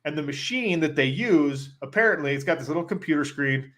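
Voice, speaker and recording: On a casual podcast, a man whose voice is somewhat high for a male tells a rambling, animated story at a fairly quick pace. He speaks loosely and uses "like" constantly, sounding like a co-host chatting easily with a friend.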